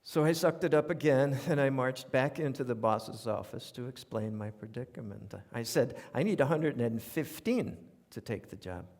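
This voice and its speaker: A man's voice: medium pitch, normal speed, few pauses. An older man with a New York accent telling humorous stories on stage in a wry, conversational way. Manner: wry, conversational, animated asides. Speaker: radio commentator performing essays on stage. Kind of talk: humorous storytelling monologue. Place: theater stage, live audience. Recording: live theater with long reverb.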